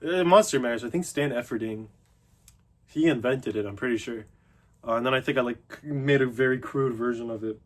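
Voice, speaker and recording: Young male fitness vlogger, casual monologue, mid-pitched, filler-heavy, self-deprecating. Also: a little fast.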